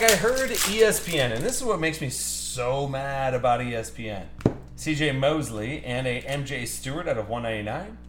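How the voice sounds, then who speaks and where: A man with a slightly high, very lively voice rants and fumes while calling out cards on a live stream. His pitch swings widely as he gets worked up. The room is echoey, with faint music underneath. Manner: ranting, heated, fast-shifting. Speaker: card break host.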